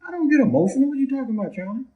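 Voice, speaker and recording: A man's voice: very high-pitched, sing-song, rapid-fire, lo-fi sound, voice pushed up. A man acting out a touchy man who indignantly insists he never gets emotional or sensitive. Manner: indignant, protesting, loud.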